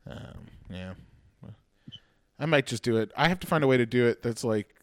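A man from Halifax chatting on his podcast, loose and rambling with plenty of swearing. His voice sits at an ordinary middle pitch, and the recording is dry and close. He pokes fun at himself as he goes. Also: expressive, normal speed, no room sound. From Halifax, Canada. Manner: rambling, profane, self-mocking. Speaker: comedian and podcast host. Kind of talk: casual chat.

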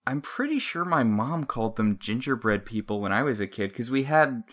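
A co-host of a casual recap chat, speaking in a bright, crisp tone. The talk rambles and drifts off on side tangents. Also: medium pitch, sing-song, normal speed. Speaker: podcast co-host.

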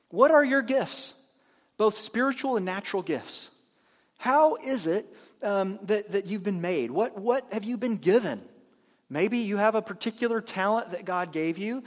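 High-voiced man preaching in a reverberant hall. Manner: conversational, acts out imagined churchgoers in quick asides. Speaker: pastor. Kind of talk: sermon. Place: church sanctuary.

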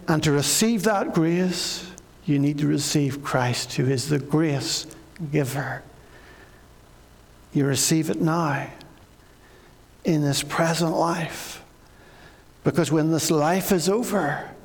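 High-voiced gravelly preacher in a hall. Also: male voice. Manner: earnest preaching, with repeated phrases and acted pleas. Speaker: pastor. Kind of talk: sermon.

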